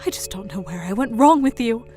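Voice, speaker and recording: A woman's voice: a little high, animated, fairly quick, dark tone, faint music behind, close to an everyday voice. A woman voicing a controlling middle-aged mother who mocks and belittles her daughter. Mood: scornful. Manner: mocking, belittling, pushy.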